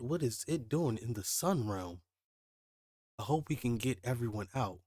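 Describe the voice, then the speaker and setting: A man reading a comic chapter aloud and reacting to it, casual and excitable, his voice jumping up when he is surprised. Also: normal speed, no echo, studio quality. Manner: excitable, jumps high when surprised, laughs at himself. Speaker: manga reaction channel host.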